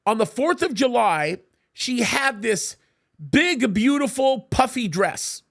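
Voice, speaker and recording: A middle-aged man hosts a live talk show, and his voice sits unusually high with a gravelly edge. He speaks emphatically, doubling up words at the start of his sentences as he tells stories and explains his views. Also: expressive, slow pace, a bit bright. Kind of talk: live commentary and storytelling.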